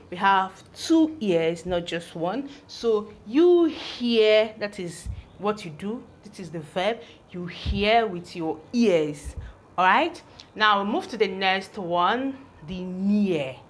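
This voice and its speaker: A woman teaching English pronunciation, sounding out letters and repeating each word several times. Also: medium pitch. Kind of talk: slow, deliberate classroom teaching.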